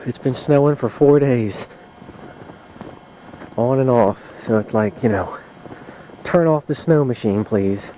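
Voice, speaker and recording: A man casually narrating his home video on a handheld camcorder as he walks outdoors through deep mountain snow. He talks in a chatty, wry way and curses mildly. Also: measured pace, pauses often, mellow, a little hiss or hum, poor audio. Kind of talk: casual narration while filming.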